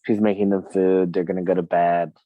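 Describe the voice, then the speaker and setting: A man's voice: low-pitched, level tone, brisk, dry recording, phone-quality sound. A man in a past-life regression session, casually recounting what he sees. He laughs often and acts out the people he quotes. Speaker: regression client.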